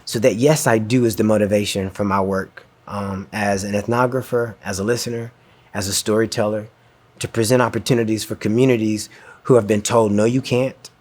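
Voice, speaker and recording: A man's voice: lowish voice, steady tone, brisk, darkish tone. A man giving a talk, telling a personal story in an earnest, reflective way that turns emotional, acting out dialogue as he goes.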